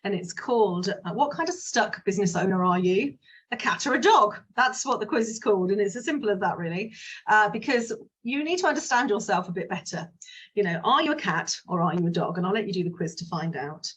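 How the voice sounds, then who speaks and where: Lady coach rambling frankly to camera, husky breathy voice. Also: mid-range voice, expressive, brisk, a bit bright. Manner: chatty, frank, digressive. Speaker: business mindset coach. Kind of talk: casual solo talk to viewers.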